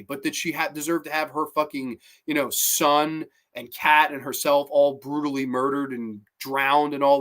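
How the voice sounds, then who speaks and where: A man's voice: fairly high pitch, fairly bright tone. A man hosting a horror movie review show, talking through a film plot in a chatty, opinionated way, with lots of fillers and the odd swear word. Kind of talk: casual film review monologue.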